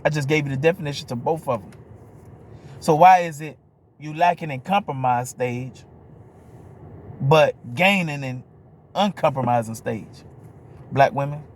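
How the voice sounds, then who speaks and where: A man's voice: a little high, a little slow, pauses often, a little hiss or hum. A man from New Orleans with a New Orleans accent, ranting to camera in a blunt, profane monologue and asking "you hear me?" over and over. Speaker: vlogger.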